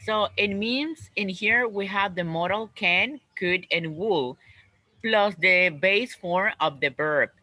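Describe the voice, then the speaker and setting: Slow-talking male English teacher. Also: sits high, sharp tone, no echo, low-quality recording. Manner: slow, repeats words and phrases for students. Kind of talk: online class teaching. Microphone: video call.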